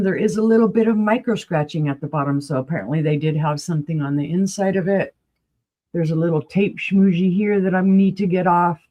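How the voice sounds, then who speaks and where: A woman selling vintage items on a live stream, chatty and excited as she describes each piece. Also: on the low side. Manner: excited, chatty, rattles off item details. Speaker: vintage seller. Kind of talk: live-stream sales pitch.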